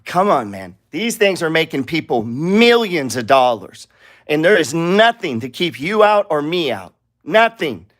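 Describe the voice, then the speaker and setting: Brief: high-voiced male trading teacher, blunt and profane, talks through charts with rhetorical questions. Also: sing-song, measured pace, a bit bright. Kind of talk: live trading lesson with charts.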